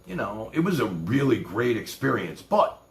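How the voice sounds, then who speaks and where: New york guy rambling thru a wild story, lots of swearing, pitch jumping all over, echoey room. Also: big pitch swings, moderate pace. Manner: profane, rambling anecdotal. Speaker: streamer. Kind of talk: casual storytelling.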